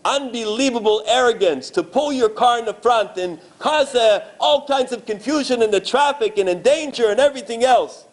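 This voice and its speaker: A man voicing an angry truck driver who yells and shouts in indignation during a sermon story. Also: very high-pitched, expressive, normal speed, hardly any pauses, voice pushed up. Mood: indignant.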